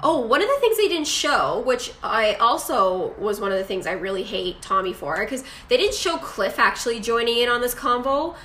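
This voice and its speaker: A woman's voice: fairly high pitch, very animated, moderate pace, hardly any pauses, pushed and bright. A young woman casually recapping a show and acting out quotes in dramatic voices. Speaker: podcast co-host. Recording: echoey room with faint noise.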